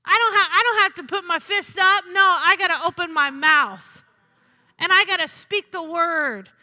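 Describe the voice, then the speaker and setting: A woman preaching with a very high, piercing voice that rings out through a long hall reverb. She is emphatic, repeats her lines for effect and keeps asking the congregation for an "Amen?". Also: moderate pace, pushed and bright. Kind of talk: sermon.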